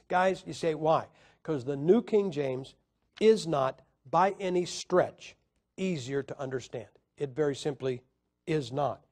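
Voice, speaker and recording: A man's voice: fairly high pitch, a little mellow. Emphatic man lecturing to a class. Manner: emphatic, asks the audience questions; counts syllables slowly. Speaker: Bible teacher.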